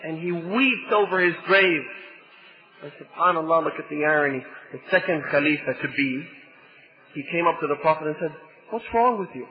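High-voiced man preaching a sermon. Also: steady tone, normal speed, highs cut off. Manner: swells to impassioned rhetorical questions, then drops soft. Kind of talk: religious sermon.

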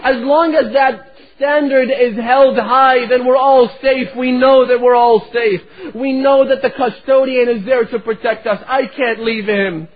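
A man's voice: very high-pitched, steady tone, measured pace, hardly any pauses, pitched above the performer's own voice. A man voicing a grieving father who tenderly but firmly tells his daughter he cannot take her. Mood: sorrowful. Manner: tender, sorrowful, emphatic. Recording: tinny phone-like recording.

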